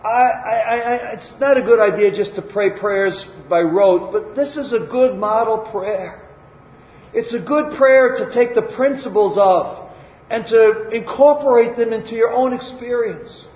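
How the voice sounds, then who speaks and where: A man's voice: very high-pitched, a little slow. A man preaching a sermon, dramatic, acting out cries and prayers. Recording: echoey hall, dull lo-fi sound.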